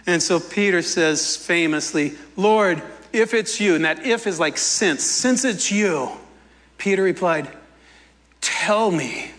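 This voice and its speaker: A man preaching a sermon in a playful, animated way, acting out the quoted lines as he goes. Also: high-pitched, big-room sound. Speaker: pastor.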